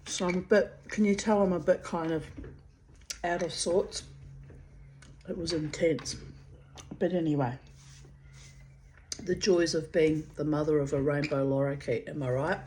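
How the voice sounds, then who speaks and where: A middle-aged woman chats candidly and reads her own diary aloud, rambling slowly and talking to her pet bird. Her voice is low-pitched and dark, with slight background noise and poor audio.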